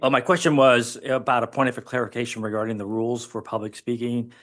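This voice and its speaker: A man's voice: mid-range voice, fairly even intonation, fast, a bit bright. A man on a budget committee asking a formal point of clarification about the rules. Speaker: committee member. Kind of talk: meeting procedure question.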